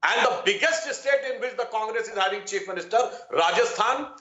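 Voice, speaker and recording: A man with an Indian English accent and a high, bright, forceful voice makes his case point by point. He is measured and emphatic. His voice comes in over a roomy, slightly dull remote feed. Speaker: party spokesperson. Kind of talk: political debate argument.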